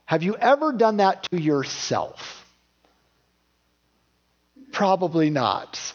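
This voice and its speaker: A man's voice: high-pitched, very animated, slow pace, big-room sound. A man preaching a sermon as pastor, talking in a conversational way and asking his listeners questions. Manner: conversational, asks the congregation questions. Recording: dull lo-fi recording.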